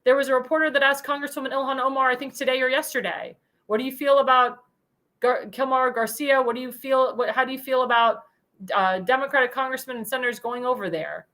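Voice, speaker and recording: Woman, commentary host, high bright voice, indignant and emphatic, repeats lines. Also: steady tone, quick pace. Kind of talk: political commentary show monologue.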